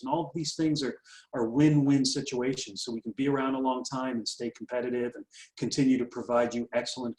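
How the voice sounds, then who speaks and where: Brief: man, business coach, brisk upbeat delivery, mid pitch, echoey room. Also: a little mellow. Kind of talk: presenting marketing tips. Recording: roomy echo.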